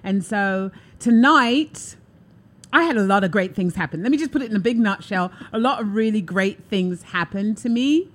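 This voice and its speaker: A woman hosting a casual live-stream talk show, gushing and chatty as she talks to her viewers. Her voice sits at an ordinary middle pitch, and she keeps everything upbeat and enthusiastic. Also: expressive, moderate pace. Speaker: show host. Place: New York City.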